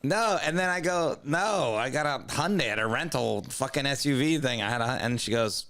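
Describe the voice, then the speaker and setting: Co-hosting a comedy podcast, this young man spins a story in a loose, animated style, performing both parties in loud raised voices. He talks fairly quickly at a medium pitch.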